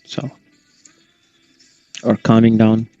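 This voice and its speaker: A man's voice: fairly low pitch, completely flat delivery, drawn-out words, mellow, faint music behind. Laid-back man with a dull, lo-fi sound. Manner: laid-back, laughs often. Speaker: podcast co-host. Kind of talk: casual chat.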